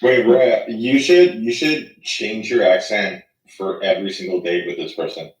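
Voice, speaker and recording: A man's voice: on the low side, unhurried. Teasing male host, distant and echoey. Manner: excitable, teasing, stop-start. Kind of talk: casual live chat.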